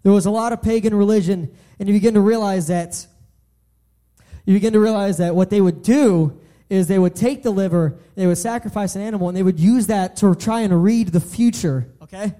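A man's voice: high-pitched, brisk, warm tone. A young man giving an earnest sermon, often restarting and repeating his phrases. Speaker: preacher.

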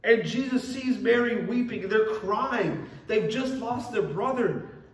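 A man's voice: high-pitched, slow. A young man preaching a sermon as pastor, earnest and repeating key phrases for emphasis. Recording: echoey room, mic at a distance.

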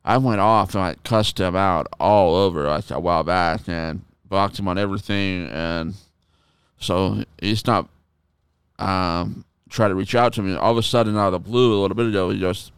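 A man hosting a podcast in casual chat, telling stories in an animated way and swearing freely. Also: low-pitched, normal speed, smooth, no echo, clean studio sound. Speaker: podcast host.

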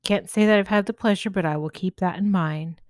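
A woman's voice: mid-range voice, brisk, dry recording, studio quality, natural voice. A woman voicing a friendly male farmhand with a put-on southern drawl, playful and kind in a storybook tale.

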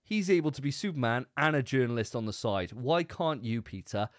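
Animated man, dry close mic. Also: mid-range voice, brisk, no echo. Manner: animated, rambling, repeats words. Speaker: podcast co-host. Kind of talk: casual chat.

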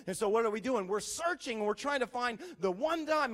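A male pastor preaching a sermon as an animated storyteller, imitating beeping sounds and swinging between loud emphasis and hushed asides. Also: extremely high pitch, a little fast, few pauses.

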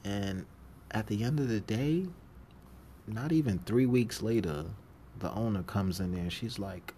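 A man's voice: fairly low pitch, unhurried, warm tone, slight background noise. A man hosting a podcast, telling stories from his jobs in a casual monologue, acting out the voices of the people he quotes and laughing often. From New York City. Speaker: podcast host.

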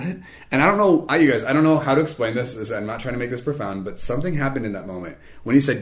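A young adult man telling a casual, rambling anecdote, animated and self-mocking. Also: mid-range voice, quick pace. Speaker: storyteller.

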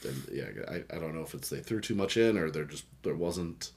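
A man's voice: very deep voice, expressive, fairly quick, a little mellow, husky. A man co-hosting a casual beer review podcast, rambling, joking and reading can labels aloud. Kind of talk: casual chat.

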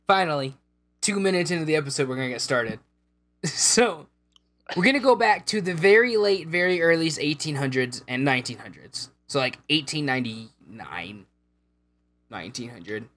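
A man's voice: on the high side, expressive, moderate pace, a bit bright. A man hosting a casual podcast, chatting and laughing often between his lines. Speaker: podcast host. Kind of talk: casual chat.

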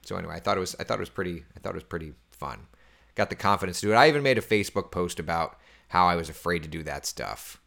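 A man in his thirties, with a deep voice and vocal fry, talks rapid-fire while hosting a casual morning chat. He reads viewer comments and describes his week, chatty and animated, laughing often and sometimes dropping to a hushed near-whisper.

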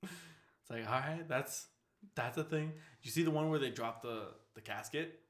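A man's voice: a little high, a little slow, a bit bright, roomy sound. A man hosting a casual podcast chat, rambling loosely, swearing and laughing often. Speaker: podcast host.

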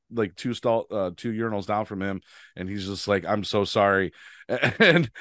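A man hosts a podcast in easy, casual chat. He rambles through a funny road story, laughing as he goes and starting sentences over. His voice is smooth and resonant, and the recording is dry and close. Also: medium pitch, a bit bright, no room sound. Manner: rambling storyteller, laughs often, many restarts. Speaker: podcast host.

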